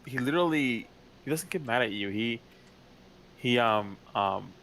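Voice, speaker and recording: A man in casual chat, talking in a halting, hesitant way with many restarts. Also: medium pitch, animated, a bit bright, slight background noise, low-quality recording. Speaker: fellow role-player.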